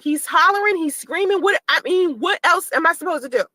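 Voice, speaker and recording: A woman talks straight to her viewers in a relaxed vlog, her voice sitting high. She tells a personal story with lots of energy and acts out the back-and-forth she describes. The sound is close and dry, with no room around it. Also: a little fast, hardly any pauses, no echo, rough recording. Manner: animated, acts out quoted exchanges in her telling. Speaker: mother telling her own story to camera.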